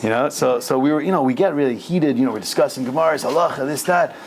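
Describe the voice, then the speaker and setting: A man's voice: medium pitch, fast, a little hiss or hum. A man teaching an informal Torah class, talking casually and animatedly with slang and Hebrew terms mixed in. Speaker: rabbi teaching a weekly class. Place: synagogue lower-level room.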